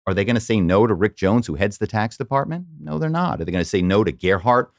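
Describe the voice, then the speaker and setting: A middle-aged man from the Philadelphia area, an animated storyteller who slips into quoted voices as a podcast guest. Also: lowish voice, quick pace, dry recording, studio quality. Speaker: podcast guest, former corporate spy. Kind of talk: casual interview storytelling.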